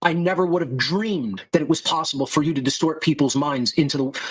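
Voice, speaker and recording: A man's voice: a little high, a little fast, slightly rough. A man hosting a podcast, lecturing his listeners in a heated, contemptuous rant full of insults and profanity. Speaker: podcast host.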